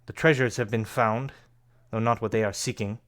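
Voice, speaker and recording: A man's voice: lowish voice, steady tone, moderate pace, a bit bright, close to an everyday voice. A man doing a hooded mercenary woman, curt, defiant, aloof, tabletop game. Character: aloof hooded female mercenary with draconic eyes.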